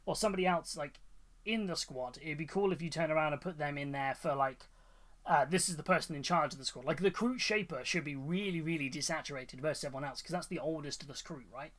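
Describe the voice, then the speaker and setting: A man's voice: fairly high pitch, fast, fairly bright tone. A man hosting a livestream, chatting casually and enthusiastically about painted miniatures, rambling with fillers and restarts. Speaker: livestream host. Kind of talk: casual chat reacting to viewers' miniatures.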